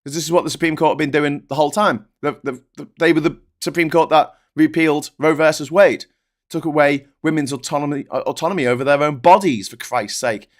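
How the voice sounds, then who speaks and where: A man's voice: on the high side, fairly quick. A man hosting a political livestream, ranting in an exasperated, sweary way. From United Kingdom.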